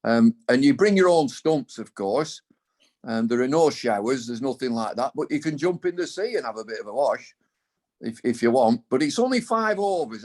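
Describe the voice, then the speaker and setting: An older man chatting casually as a podcast co-host, rambling through playful, tongue-in-cheek ideas. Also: medium pitch. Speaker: co-host and cricket pundit. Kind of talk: casual chat.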